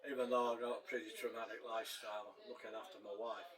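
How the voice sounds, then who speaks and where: A man's voice: on the low side, flat delivery, quick pace, fairly bright tone. A middle-aged man chatting casually to camera about his home cooking, rambling and cracking dad jokes while he chews. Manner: eating and chewing while talking. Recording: voice a little distant from the mic.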